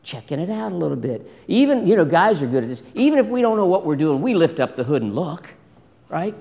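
A man preaching a sermon in a lively way, acting out scripture dialogue and asking the congregation questions. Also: sits high, a little fast, vocal fry. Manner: animated, acts out biblical dialogue, asks congregation questions. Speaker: pastor. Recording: long hall reverb.

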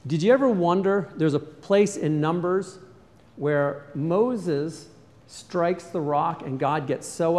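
An earnest male pastor delivers a sermon in a slightly high voice, rising for emphasis and sinking to soft, low passages. His words carry a long reverb from a large sanctuary. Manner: earnest, varies loudness, often drops to a soft low tone.

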